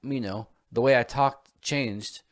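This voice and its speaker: A man's voice: medium pitch, takes it slowly. Chatty man meandering through podcast talk. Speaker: podcast co-host. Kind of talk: casual podcast chat.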